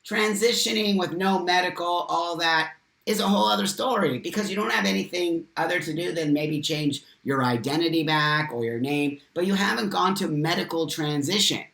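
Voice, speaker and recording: A man's voice: fairly high pitch, normal speed, vocal fry, a bit bright. A man hosting a live stream, reading viewer comments aloud and speaking passionately and emphatically, swearing freely. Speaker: livestream host. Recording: roomy echo.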